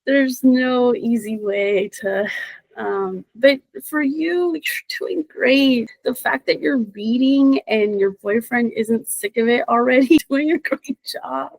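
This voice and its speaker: A woman intuitive reader in casual podcast chat, expressive and encouraging, laughing often. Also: on the high side, slow, no room sound, low-quality recording.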